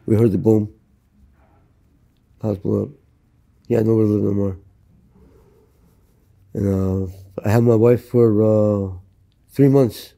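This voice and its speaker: A man's voice: on the low side, steady tone, slow, gravelly, pauses often, mellow. A middle-aged man from the United States, telling his life story in an interview in a blunt, profane, matter-of-fact way. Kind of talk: candid storytelling. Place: Los Angeles.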